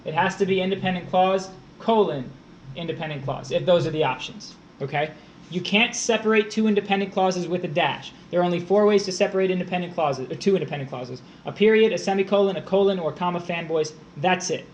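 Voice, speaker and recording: A man's voice: sits high, fairly quick, slight background noise. A man tutoring test prep on a live stream, explaining grammar step by step while answering his chat.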